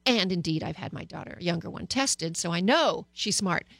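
A woman's voice: on the low side, expressive, normal speed, vocal fry, no room sound. A middle-aged woman psychologist hosting a talk radio show, speaking candidly and personally with frequent hesitations. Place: radio studio.

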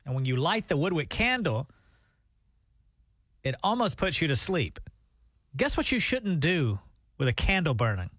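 A man co-hosting a morning radio show, joking in a deadpan, mock-serious way. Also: on the high side, normal speed, long pauses, no room sound, studio quality. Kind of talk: casual radio banter. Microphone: studio microphone.

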